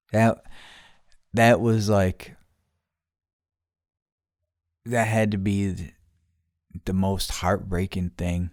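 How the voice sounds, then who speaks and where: A middle-aged man on a podcast, casually telling a profane, animated story full of quoted voices. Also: sits low, drawn-out words, long pauses, dry recording, studio quality. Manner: profane, animated retelling with quoted voices, turning quiet and somber. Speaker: podcast host.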